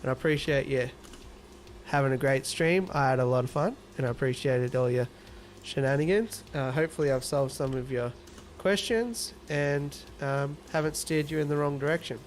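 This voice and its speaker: Here an Australian man with a medium-pitched voice talks at normal speed, with slight hiss or hum in the audio. He runs a casual livestream, reading comments out loud, playfully teasing his viewers, and laughing frequently.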